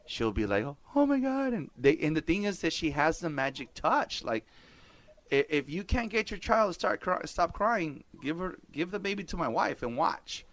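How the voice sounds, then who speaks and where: A man's voice: on the high side, lively intonation, normal speed, a bit bright, no room sound. A middle-aged man hosting a podcast, telling stories in casual chat, swearing freely, laughing often and dropping Spanish words. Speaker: podcast host.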